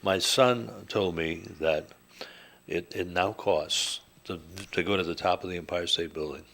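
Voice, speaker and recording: A man's voice: low voice, a little slow, a bit bright. A middle-aged man hosting a radio talk show, chatting and telling stories with emphatic, rising disbelief. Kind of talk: casual on-air chat.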